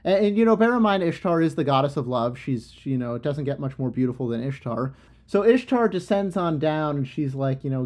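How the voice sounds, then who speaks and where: A man's voice: on the high side, animated, a little fast, darkish tone. Young man casually retelling a myth. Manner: loose, rambling, slang-heavy, many fillers. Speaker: storyteller.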